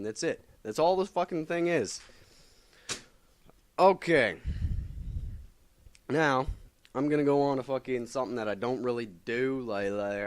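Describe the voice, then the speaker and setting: Man, casual vlogger, average pitch, rambling profane comics rant. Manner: swears constantly, rambling with lots of fillers. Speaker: comic book reviewer.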